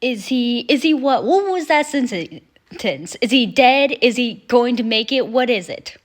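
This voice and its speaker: A woman's voice: on the high side, lively intonation, unhurried, noisy background. A young woman hosting a reaction video, chatting animatedly and swearing casually. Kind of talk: casual chat.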